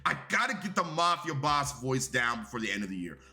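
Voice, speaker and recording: A man's voice: medium pitch, sing-song, a little fast, pushed and bright. A young man giving a casual, rambling and profane review of a wrestling show.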